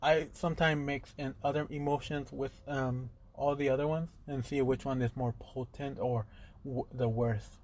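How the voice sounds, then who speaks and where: A jittery teenage boy who keeps his secrets close, halting and hesitant as he speaks, voiced by a man telling the story. His voice sits in an ordinary middle pitch, with no big theatrical change from the teller's own. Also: steady tone, darkish tone, slight background noise, close to an everyday voice.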